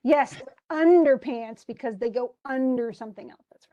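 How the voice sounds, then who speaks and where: A woman's voice: a little high, moderate pace, mellow, lo-fi sound. A woman teaching a literature class, chatting about a play and reading lines aloud with frequent laughs. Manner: chatty, reads quotes aloud, laughs often.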